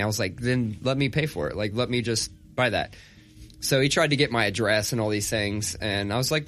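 A man's voice: mid-range voice, fast. A man in his thirties chatting casually on a podcast, telling stories with animation and cursing freely. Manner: animated storyteller, swears freely. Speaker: podcast co-host. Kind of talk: casual chat.

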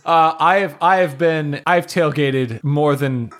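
A man's voice: fairly high pitch, slow pace, fairly bright tone. A young man from Virginia in casual podcast chat, joking and boasting with friends.

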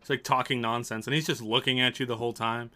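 A man's voice: mid-range voice, fairly even intonation, fast, pushed and bright. A man narrating a tabletop game as game master, loose and laughing, with casual swearing.

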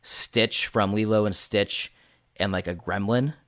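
Casting note: low-voiced game master guest, rambling and casual, heavy on fillers. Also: male voice, measured pace, fairly bright tone, no echo, studio quality. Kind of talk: casual interview chat.

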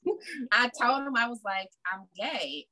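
A woman's voice: fairly high pitch, unhurried, background noise. A woman guest telling her story in casual conversation, acting out what her family said. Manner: animated, acts out family members' voices. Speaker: podcast guest.

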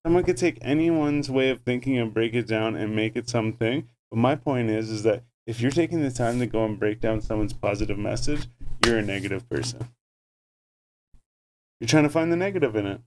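A man's voice: mid-range voice, lively intonation, brisk, a little hiss or hum. A man in casual chat, telling a story with lots of swearing and emphatic repeats.

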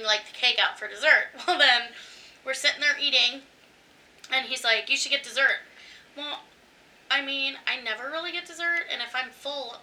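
A high-pitched woman with a piercing, bright voice tells a story in casual chat, animated and quick to swear and laugh. She sounds a little distant from the mic. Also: a little hiss or hum. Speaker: podcast co-host.

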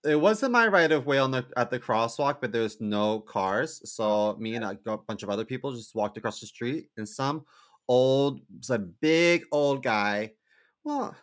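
A man's voice: mid-range voice, expressive, normal speed. A young man co-hosting a podcast, telling rambling, self-mocking stories and laughing at them in casual chat. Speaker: podcast co-host.

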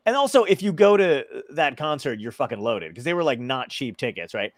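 A man's voice: medium pitch, very animated, brisk. A man telling a rambling, profane story in casual chat, laughing often as he goes. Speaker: podcast guest.

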